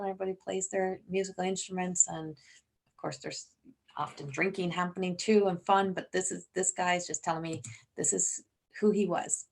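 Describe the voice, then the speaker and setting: Woman giving a rambling psychic reading. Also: medium pitch. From Newfoundland, Canada. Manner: rambling, trailing off and restarting, relaying messages. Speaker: psychic medium. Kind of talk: live-stream reading.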